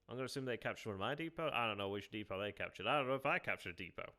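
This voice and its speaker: A man's voice: on the low side, animated, racing, hardly any pauses, sharp tone. A man streaming a strategy game, thinking aloud, muttering and repeating himself as he reacts, now and then talking to his viewers. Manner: muttering, self-questioning, repeats phrases; chats with viewers between moves.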